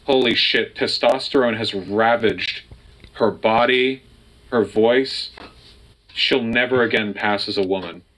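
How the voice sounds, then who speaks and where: Sarcastic, bright-voiced man. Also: lowish voice, measured pace, a little hiss or hum, poor audio. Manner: sarcastic, incredulous. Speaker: co-host reacting to videos. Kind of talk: casual reaction commentary.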